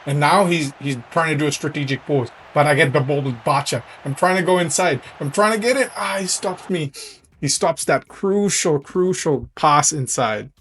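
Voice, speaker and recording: Gaming YouTuber, male, slightly higher voice, animated gameplay commentary, faint hiss behind. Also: normal speed. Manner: animated, swings to excited shouting at big plays.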